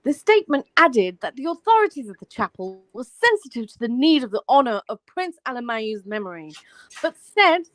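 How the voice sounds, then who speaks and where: A woman's voice: on the high side, very animated, fairly quick, no echo. Brummie woman reading aloud on a live stream. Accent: Birmingham. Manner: reads aloud with slips and self-corrections. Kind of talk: casual panel chat, reading an article aloud.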